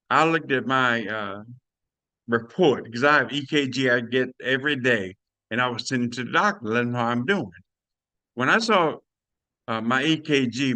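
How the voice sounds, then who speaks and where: An older man giving an excited personal testimony on a video call, animated and preachy, talking to listeners as y'all. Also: medium pitch, no echo. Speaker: testimonial speaker.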